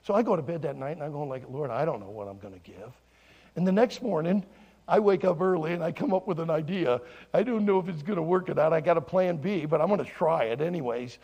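In a church sanctuary, a male pastor preaches a sermon, telling a story with great animation and acting out voices. His voice is a little high, fast and creaky, swinging from soft hushes to loud exclamations.

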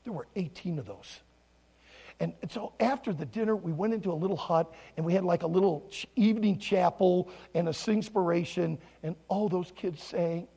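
A male pastor preaching a sermon in a church, telling a story with great animation, acting out voices, and swinging from soft hushes to loud exclamations. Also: sits high, normal speed, vocal fry, husky. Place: church sanctuary.

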